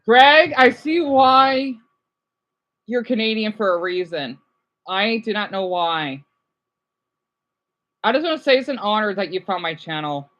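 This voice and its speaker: A woman's voice: mid-range voice, expressive, unhurried, long pauses, fairly bright tone, lo-fi sound. Gushing, exclamatory woman streamer. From United States. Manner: gushing, exclamatory, easily distracted; swears casually, then apologizes. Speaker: streamer reacting to a parade. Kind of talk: casual live-stream reaction.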